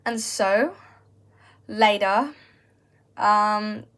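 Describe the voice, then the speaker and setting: A young woman from Vietnam chats straight to her viewers in a loose, comedic vlog. She rambles, hunts for words and restarts her sentences often. Her voice sits at an ordinary mid pitch for a woman. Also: very slow, fairly bright tone. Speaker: vlogger. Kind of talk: casual comedic vlog monologue.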